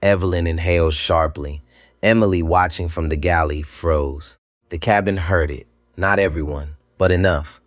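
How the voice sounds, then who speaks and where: Deep-voiced male dramatic storyteller. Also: fairly even intonation, no room sound. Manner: measured, dramatic pauses. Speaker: narrator. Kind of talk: dramatic scripted narration.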